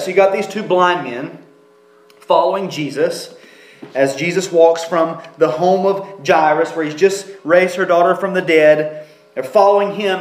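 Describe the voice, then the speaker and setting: A man's voice: on the high side, echoey room, rough recording. A man preaching a sermon as pastor, explaining a passage in an emphatic way and often restarting his phrases.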